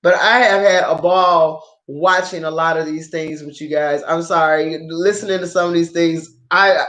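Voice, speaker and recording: A woman's voice: low voice, normal speed. A woman chatting casually to her viewers about dramas she has watched, swearing freely and laughing often. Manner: profane, excitable, laughs often. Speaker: drama review vlogger. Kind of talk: casual unscripted chat to viewers. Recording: roomy echo.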